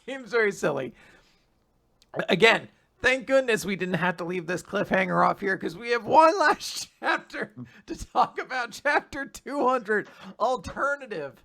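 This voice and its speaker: High, gravelly, bright-voiced man. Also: unhurried. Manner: animated storytelling with silly voices and laughs. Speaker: podcast host. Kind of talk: casual chat recapping comics.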